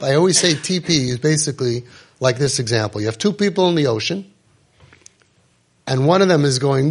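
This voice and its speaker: A man speaking with fervor to a roomful of parents, urging and scolding in a preachy, emphatic way and sprinkling in Hebrew and Yiddish terms. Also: on the high side. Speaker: parenting coach and podcast host. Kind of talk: impassioned talk to a live group.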